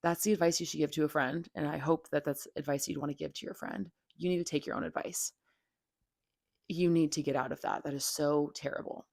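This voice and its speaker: A young woman hosts her own podcast in a candid, opinionated monologue. Her voice sits low and carries a gravelly fry. The sound is close and dry, and her delivery is frank, casual and full of fillers and swearing. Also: fairly even intonation, a little fast, darkish tone, no echo. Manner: blunt and frank, heavy filler "like", swears freely. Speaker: podcast host.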